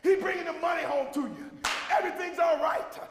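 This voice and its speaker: A man preaching a sermon as pastor, with a Southern American accent, shouting and repeating refrains to a responding congregation. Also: extremely high pitch, a little fast, noisy background. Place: church sanctuary with congregation. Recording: echoey hall recording.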